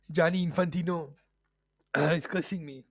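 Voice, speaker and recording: A man's voice: high voice, gravelly, fairly bright tone, breathy edge, no echo, clean studio sound. A man hosting a football podcast, delivering a profane, mocking rant. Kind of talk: ranting football commentary.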